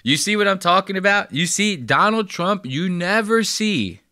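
A man's voice: high-pitched, expressive, moderate pace, pushed and bright, no room sound, clean studio sound. A man hosting a podcast, riffing loosely and profanely while reacting to a video. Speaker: podcast host. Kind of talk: casual reaction commentary.

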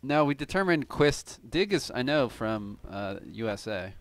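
A man's voice: medium pitch, big pitch swings, measured pace. A man from Cleveland giving casual, analytical live commentary on a tournament game, swearing now and then. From Cleveland, USA.

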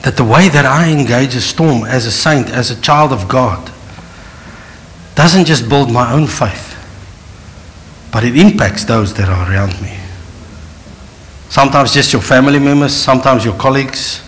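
A man's voice: mid-range voice, normal speed, long pauses, fairly bright tone, slight background noise, low-quality recording. A middle-aged man with a South African accent preaching a sermon, acting out the Bible scenes in different voices and switching between storytelling and direct address. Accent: South African English. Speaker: pastor.

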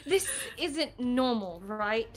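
A woman's voice: on the high side, animated, takes it slowly, over music. A woman player in a tabletop role-playing game, chatty and cursing freely. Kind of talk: tabletop role-play chat.

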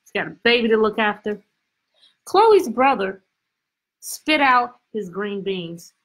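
A woman teacher reading a picture book aloud to her class over a video call, expressive and full of questions. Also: medium pitch, slow, rough recording. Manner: lively, expressive, stretches words, asks questions. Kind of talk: storybook read-aloud lesson.

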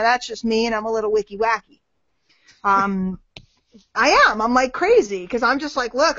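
Middle-aged woman, higher voice, running a webinar q and a, acts out bits of convo, dry lo-fi call audio. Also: no room sound. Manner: lively, animated, acts out little dialogues. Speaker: marketing trainer answering questions. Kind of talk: live webinar Q and A.

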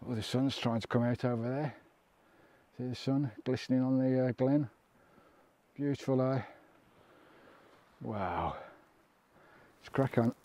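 Walking outdoors along the coast, a British man narrates a chatty travel vlog to the camera, a little breathless and frequently exclaiming at the scenery. He speaks at a measured pace with long pauses, in a mellow, medium-pitched voice on a dry recording.

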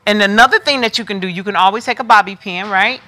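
A woman's voice: medium pitch, quick pace, pushed and bright. A woman hosting a live wig sales stream, chatting casually and talking straight to her viewers as she demonstrates pieces. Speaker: wig shop host selling on a live stream. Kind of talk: casual live product demo.

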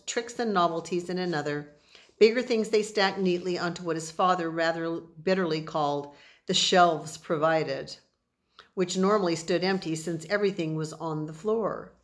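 Woman, lowish voice, reading a children's novel aloud, chatty asides. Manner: chatty asides explaining words to listeners. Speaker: reader.

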